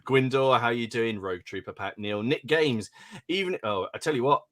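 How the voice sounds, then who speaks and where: A man's voice: medium pitch, moderate pace, a bit bright. A man from England hosting a hobby podcast in casual chat, reading out listener names and laughing often. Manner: chatty, laughs often, stumbles over names. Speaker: podcast host.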